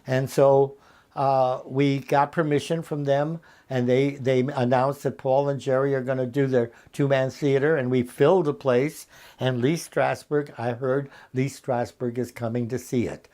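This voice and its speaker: A man in his eighties, a veteran actor as an interview guest, telling anecdotes in a lively, chuckling way over a video call from his home. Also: mid-range voice, a little slow. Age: 80s. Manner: lively raconteur, often chuckling. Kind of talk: anecdotal storytelling.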